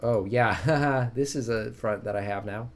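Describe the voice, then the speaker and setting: A man's voice: medium pitch, a little slow. A young man casually commenting on his strategy game live stream, joking with his chat. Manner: chatty, jokey, talks to chat.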